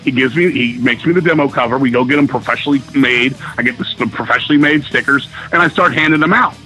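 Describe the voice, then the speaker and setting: A middle-aged man, a guest musician, telling stories in a casual interview, swearing often and talking excitedly. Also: medium pitch, fast talker, faint music behind, poor audio. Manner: profane, excited storyteller.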